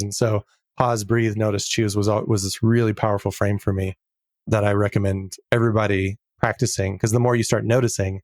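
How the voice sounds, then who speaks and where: A middle-aged man talking as a podcast guest in a casual interview, earnest and reflective, slowing down to stress key words. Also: fairly low pitch, darkish tone, no echo, studio quality.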